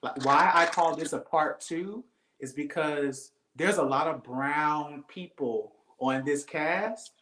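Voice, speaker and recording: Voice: medium pitch, slow pace, echoey room, background noise. A co-host in casual chat, joking, laughing often and talking with emphasis. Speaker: podcast co-host.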